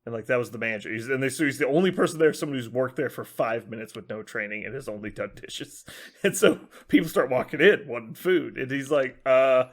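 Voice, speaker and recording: A man's voice: mid-range voice, lively intonation, fast. A young man on a podcast telling stories in casual chat, swearing and laughing as he goes. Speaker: podcast host.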